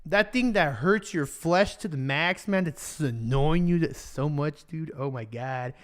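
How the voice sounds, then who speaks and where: High-voiced joking young preacher man. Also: measured pace, a bit bright. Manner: joking, slangy, laughs at own jokes. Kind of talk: casual bilingual sermon.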